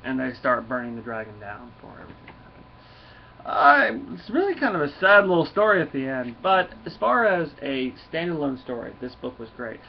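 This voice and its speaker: A man's voice: mid-range voice, very animated, fairly quick, creaky. A man casually recapping a comic book, rambling with restarts and chuckles. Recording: dull lo-fi with faint noise.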